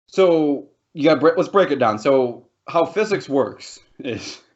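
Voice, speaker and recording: A man's voice: fairly high pitch, animated, a little slow. A man co-hosting a podcast, rambling and laughing through loose banter with plenty of swearing. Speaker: podcast co-host. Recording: dull lo-fi podcast audio.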